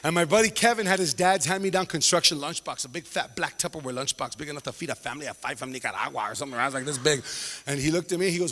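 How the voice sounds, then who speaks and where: A man doing stand-up comedy, telling stories in a slangy, animated way and acting out the people in them. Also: fairly high pitch. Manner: animated, slangy, acts out characters in quick asides. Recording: long hall reverb.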